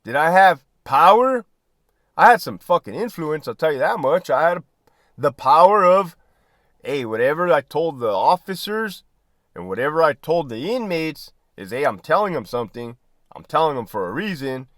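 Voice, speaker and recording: Man, ex prison lieutenant, blunt and profane, lively swinging pitch, dry close sound. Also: moderate pace, dry recording. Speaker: former prison lieutenant talking to viewers. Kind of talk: candid casual monologue.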